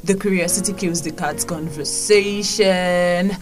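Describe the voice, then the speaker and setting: A woman's voice: lowish voice, steady tone, measured pace, soft background music. A woman hosting a podcast in an upbeat, chatty way, full of "you know" and "like". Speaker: podcast host. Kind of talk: casual podcast chat.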